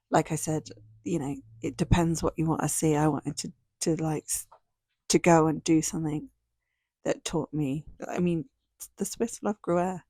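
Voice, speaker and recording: A woman's voice: low-pitched, darkish tone, no room sound, clean studio sound. A young woman vlogger giving a rambling, casual travel recap, laughing often between thoughts.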